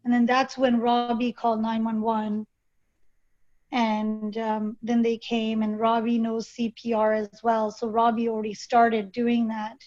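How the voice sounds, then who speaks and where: A woman guest telling a personal story in an interview, halting and hesitant with many fillers and restarts. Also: fairly high pitch, monotone, a little mellow. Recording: dull lo-fi recording.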